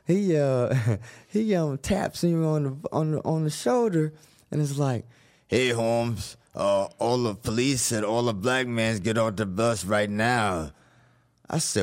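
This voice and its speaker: A man telling a wild personal story in an animated way, acting out the voices of the people in it, swearing and laughing often. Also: medium pitch, slow pace. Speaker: guest telling his story.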